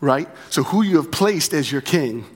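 A man's voice: on the high side, lively intonation, moderate pace, husky. A man preaching a sermon as pastor, talking in a conversational way, repeating key phrases and often asking "right?". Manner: conversational, with frequent tag questions.

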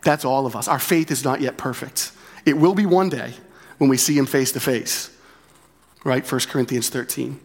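A man in the pulpit preaching to his church in a middle-range voice. He talks casually and directly, often checking in with a quick question. He repeats his main points for emphasis. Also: medium pitch. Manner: conversational, with frequent tag questions; repeats key phrases for emphasis. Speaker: pastor. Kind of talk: sermon.

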